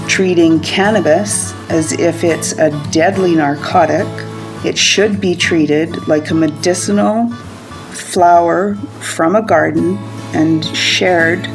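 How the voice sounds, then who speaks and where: A woman's voice: low voice, creaky. A woman in an interview speaking in a thoughtful, hopeful way. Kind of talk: reflective interview. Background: guitar music.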